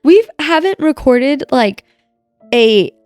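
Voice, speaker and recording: High, lively young woman chatting. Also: takes it slowly, no echo, soft background music. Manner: gushing, full of "like" fillers. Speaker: podcast co-host. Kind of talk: casual chat.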